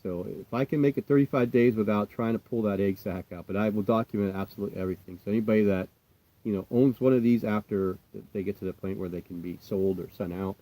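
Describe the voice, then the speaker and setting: An American man chatting casually on a livestream as a tarantula keeper, rambling and reassuring, often trailing off quietly. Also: fairly low pitch, fast talker. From United States. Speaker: tarantula keeper answering live chat.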